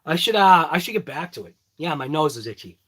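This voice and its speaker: A man's voice: a little high, sing-song, fast talker, a bit bright, breathy edge. A man with a thick Boston accent rambling through a jokey morning check-in to his phone camera. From Boston area. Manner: rambling, jokey, self-mocking. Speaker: vlogger. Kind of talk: casual morning check-in chat.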